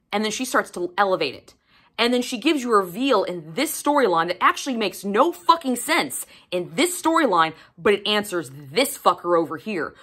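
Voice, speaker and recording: A woman casually reviewing a book on camera, swearing freely and talking in an animated, emphatic way. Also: mid-range voice.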